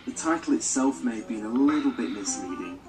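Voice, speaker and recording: A man narrating his own animated story video in a wry, self-mocking way, played from a video. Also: mid-range voice, a little fast, poor audio. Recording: played from a video with music behind.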